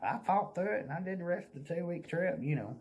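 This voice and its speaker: A man with a Southern US accent telling a folksy, animated story in a casual vlog, laughing as he goes. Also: high voice, fast.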